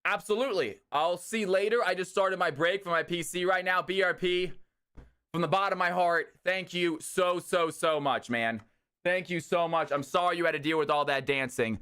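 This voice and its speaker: Young male stream host, casual and excitable, crisp clear voice. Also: high voice, normal speed. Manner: excitable, shouts and cheers on sudden hype. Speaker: streamer hosting a community game night. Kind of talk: casual live-stream chat.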